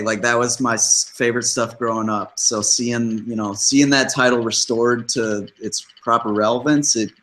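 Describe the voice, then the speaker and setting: Man, podcast co-host, hesitant, filler-heavy, bright tone. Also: medium pitch, rough recording. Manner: hesitant, lots of "like" and "um". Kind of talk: casual wrestling podcast chat.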